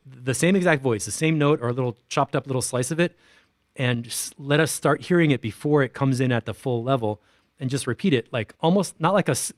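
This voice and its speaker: A young man in the middle of a pitch range talks through production tips on a livestream, rambling and casual with plenty of asides. He hums and scats rhythms to show his ideas. The sound is dry, with no room echo. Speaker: livestream host reviewing music tracks.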